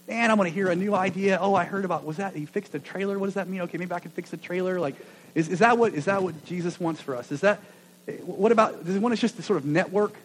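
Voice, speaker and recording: A man preaching a sermon to a gathering of churches, earnest and full of stammered restarts, rising loud then dropping to a near hush. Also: high-pitched, fast talker, a little hiss or hum, poor audio. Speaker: pastor.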